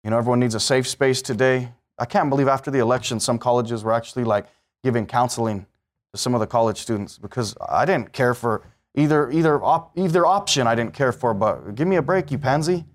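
A man preaching a sermon as pastor, emphatic, swinging between loud peaks and low asides. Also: brisk.

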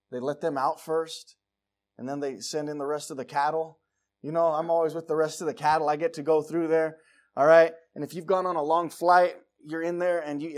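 Preaching in a high-pitched voice, a man spins folksy, joking tales in his sermon. He alternates between whispered asides and sudden loud bursts.

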